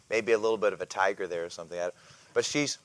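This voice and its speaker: Hesitant low-voiced man teaching Bible class. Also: fast, no room sound. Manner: hesitant, many fillers and restarts, clears throat often. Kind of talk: casual Bible lesson.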